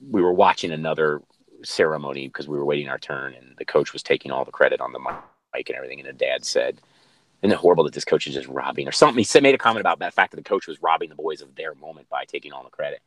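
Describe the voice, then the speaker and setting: A man's voice: low voice, no room sound. A middle-aged man, a coach, telling reflective stories in an interview, rambling with restarts. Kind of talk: interview storytelling.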